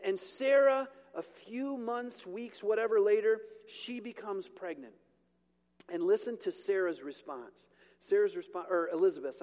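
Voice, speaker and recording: A male pastor with a high voice preaches to his congregation in a casual, joking way, stopping now and then to fix his own slips. His voice carries with a long hall reverb around it. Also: a little mellow. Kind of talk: sermon. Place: church sanctuary with a congregation.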